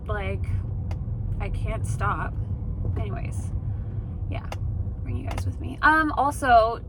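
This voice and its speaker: A woman's voice: mid-range voice, big pitch swings, takes it slowly, background noise. A young woman from Canada chatting casually in a vlog, sleepy and yawning, filling her talk with lots of "like". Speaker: vlogger.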